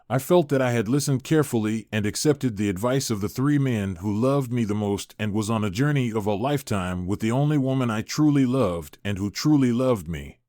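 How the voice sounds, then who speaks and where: A man narrating a first-person relationship story in an earnest, measured way. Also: medium pitch, darkish tone, no echo, studio quality.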